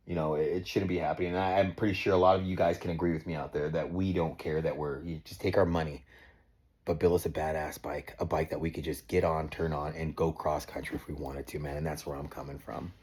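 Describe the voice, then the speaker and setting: A man's voice: rumbling low, steady tone, a little fast, a little mellow, slightly rough. A man in his forties, ranting in a heated, profane vlog monologue, stumbling over repeated words and tacking "man" onto his sentences. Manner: repeats and restarts words when worked up. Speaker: motorcycle owner vlogger.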